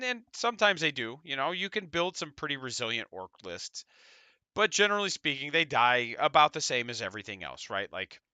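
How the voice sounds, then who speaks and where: A man casually telling stories as a podcast host, chatty and easygoing, slipping into quick impressions of other people. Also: medium pitch, bright, forceful tone, clean tone, dry recording. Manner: chatty and easygoing, full of fillers, quotes opponents in quick impressions. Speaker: podcast host recounting a tournament. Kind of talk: casual storytelling.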